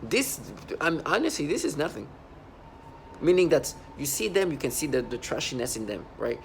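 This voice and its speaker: A man delivering an agitated, repetitive monologue for a video, swinging between low muttering and loud outbursts. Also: big pitch swings, moderate pace, gravelly, a little hiss or hum. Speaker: vlogger.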